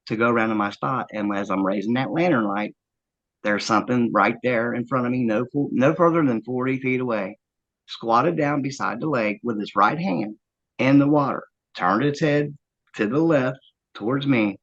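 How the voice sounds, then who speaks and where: A man earnestly recounting a first-hand encounter, halting often with fillers as he tells it. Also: medium pitch, a bit bright, highs cut off. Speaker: eyewitness interviewee.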